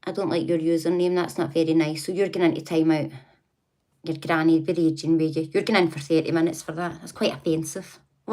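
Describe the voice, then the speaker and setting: A woman's voice: on the low side, fairly even intonation, normal speed, fairly bright tone. A woman hosting a casual livestream, chatting, laughing often and talking back to her viewers. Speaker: livestream host.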